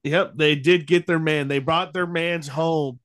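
A man's voice: fairly high pitch, fairly even intonation, a little slow, fairly bright tone. A young man co-hosting a podcast, chatting casually about baseball with easygoing ums and restarts. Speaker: podcast co-host. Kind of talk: casual sports chat.

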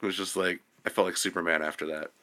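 Brief: young male podcast guest, bright forceful voice, profane lively storyteller. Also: sits low, fast talker. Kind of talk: casual storytelling.

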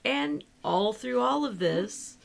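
Woman podcast co-host, gravelly edges, chatty book talk. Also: medium pitch, expressive, takes it slowly. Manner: chatty, retells plot with short reactions. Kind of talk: casual book discussion.

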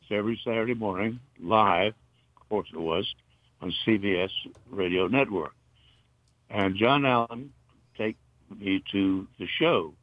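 An older man from North Carolina, a retired broadcaster, reminiscing in a halting, rambling way with many fillers. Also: lowish voice, no echo. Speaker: interview guest, retired broadcaster. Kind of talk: casual reminiscing. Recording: dull, muffled dry recording.

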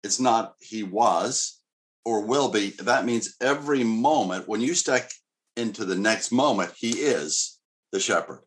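A man's voice: on the low side, animated, a little slow. A middle-aged male pastor preaching a sermon in an earnest, conversational way with casual asides.

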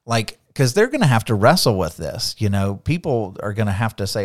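A man's voice: lowish voice, animated, moderate pace, few pauses, no echo, clean studio sound. A man co-hosting a casual Bible discussion, talking with energy and acting out quoted lines, often repeating words as he goes. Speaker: podcast co-host.

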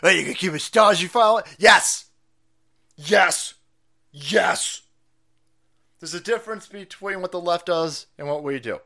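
A middle-aged man hosting a livestream, ranting in a loud, foul-mouthed, rambling way and laughing easily. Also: sits high, measured pace, gravelly, long pauses. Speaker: stream host. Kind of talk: profane ranting livestream monologue.

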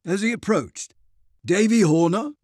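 A man narrating an audiobook chapter in an expressive storytelling voice. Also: high voice, a little slow, no room sound, studio quality. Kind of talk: scripted narration.

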